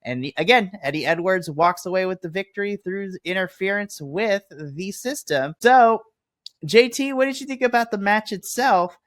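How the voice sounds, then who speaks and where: A man's voice: sits high, normal speed, no echo, studio quality. A man co-hosting a wrestling review podcast, talking casually and acting out what people said as he retells it. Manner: animated, slips into mock dialogue when retelling. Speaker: podcast co-host.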